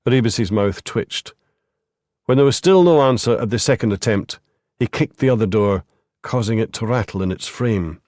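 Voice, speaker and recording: The clip is scripted narration of a crime audiobook by a man speaking in a fairly low, measured and even voice. The sound is studio quality with no echo.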